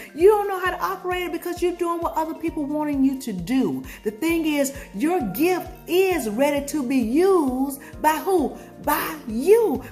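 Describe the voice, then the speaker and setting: With a high-pitched, slightly mellow voice, a Southern-accented woman from Georgia, USA, preaches a motivational pep talk as a vlogger. She quizzes viewers call-and-response style and breaks into snippets of song.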